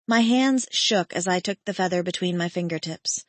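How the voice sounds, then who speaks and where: A woman narrating a romance audiobook in the first person, emotive and measured. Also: lowish voice, no room sound.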